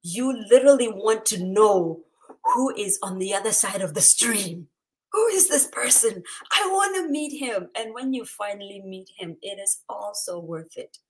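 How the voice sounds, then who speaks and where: A woman's voice: mid-range voice, lively intonation, normal speed, low-quality recording. A woman hosting a book chat, reading passages aloud and reacting with laughter and emotion. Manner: emotional, laughs often, exclaims. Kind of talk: casual chat and read-aloud.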